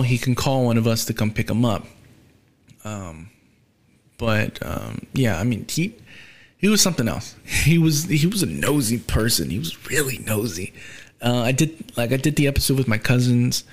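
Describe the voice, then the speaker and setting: Grieving young man, soft and halting. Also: medium pitch. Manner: soft, halting, with frequent fillers and trailing off. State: grieving, subdued. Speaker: podcast host. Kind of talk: casual solo podcast talk.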